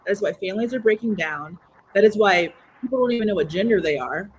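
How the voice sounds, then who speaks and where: A woman's voice: mid-range voice, animated, fast talker, a little hiss or hum, poor audio. A woman on a panel making a preachy, emphatic case on a call. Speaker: panel guest. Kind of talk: opinionated panel talk.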